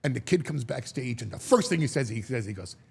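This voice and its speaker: Gravelly, animated man telling stories. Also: mid-range voice, quick pace, heavy background noise. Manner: animated, repeats words when moved, acts out quoted voices. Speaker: guest. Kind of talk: storytelling in a sit-down interview.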